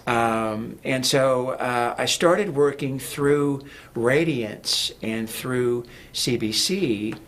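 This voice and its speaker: A man's voice: mid-range voice, very slow, few pauses, fairly bright tone, a little hiss or hum. A man talking as a guest in a casual interview, rambling with many fillers and restarts. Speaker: guest, music producer.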